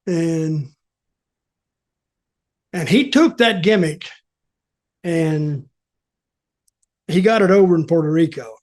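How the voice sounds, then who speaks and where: Older man, casual storyteller, fairly high voice, chuckling retelling with quoted dialogue. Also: animated, takes it slowly, pauses often. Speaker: storyteller and show guest.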